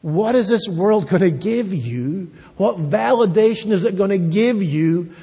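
A man's voice: high voice, animated, measured pace, dark tone, breathy edge. A man preaching a sermon as a pastor, building emphasis through repeated phrases. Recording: long hall reverb.

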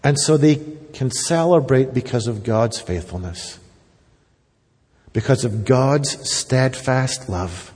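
Husky-voiced man preaching in a reverberant hall. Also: mid-range voice, takes it slowly, darkish tone. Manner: earnest, emphatic preaching, addresses children directly. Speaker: pastor. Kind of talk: sermon. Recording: long reverb of a church hall.

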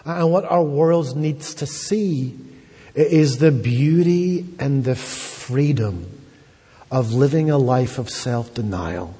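Husky pastor guy preaching slow, big echoey hall. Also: medium pitch, mellow. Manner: emphatic preaching with rising repeated phrases. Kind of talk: sermon. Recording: long hall reverb.

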